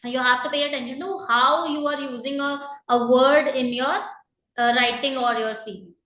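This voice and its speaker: A woman with a high, bright voice teaches an exam-prep lesson in an echoey room. She explains patiently, fills pauses with "uh" and "you know", and keeps repeating her main points. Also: steady tone. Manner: patient and explanatory, many fillers and repeated reminders. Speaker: IELTS teacher. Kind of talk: online lesson, explaining to students.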